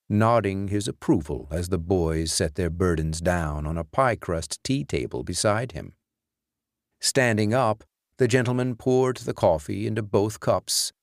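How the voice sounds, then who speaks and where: A man narrating a horror audiobook in a slow, deliberate storytelling manner. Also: fairly low pitch, dry recording, studio quality.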